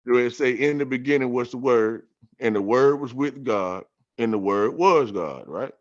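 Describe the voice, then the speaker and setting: A man on a podcast telling a story about scripture in a casual, profane, streetwise way, getting animated and repeating himself. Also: mid-range voice, normal speed. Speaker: podcast guest. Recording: dull lo-fi sound.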